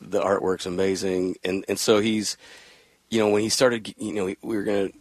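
A middle-aged man with a very deep voice talks football business on a radio show. He rambles and restarts his sentences often. His voice is recorded close and dry, with no room sound. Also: little pitch movement, normal speed, no room sound. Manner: rambling, with many restarts, and laughs while telling family stories. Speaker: football team general manager. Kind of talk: casual radio interview chat.

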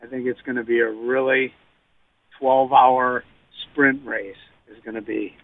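A man calling in to a radio show as a racing reporter, chatting in a lively way and laughing easily. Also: mid-range voice, unhurried, no echo. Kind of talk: phone-in radio chat. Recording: tinny phone line.

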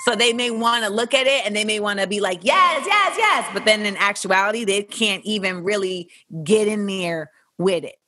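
A woman's voice: medium pitch, steady tone, a little fast, few pauses, fairly bright tone, dry recording. A young woman hosting a casual chat and answering listener questions in a blunt, candid, sometimes profane way. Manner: blunt, candid and profane, with playful voices for quotes.

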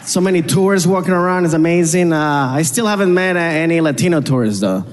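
A man's voice: fairly high pitch, fast. A man from Venezuela with a Venezuelan Spanish accent, doing a punchy stand-up set to a live crowd. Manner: punchy, repetitive joke delivery to a crowd. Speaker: stand-up comedian. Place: comedy club stage. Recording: reverberant hall with audience noise. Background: live audience.

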